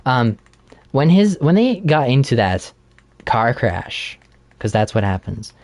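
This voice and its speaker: A man co-hosting a casual podcast, chatting while playing a game and retelling a plot with animated laughter. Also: mid-range voice, slow pace, no room sound. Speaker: podcast co-host.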